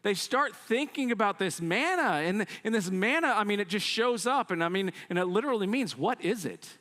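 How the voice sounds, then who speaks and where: Lively-pitched pastor preaching in a reverberant hall. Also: male voice, fairly quick. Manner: animated storytelling, acts out quoted complaints; conversational, frequent "I mean" asides. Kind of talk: sermon.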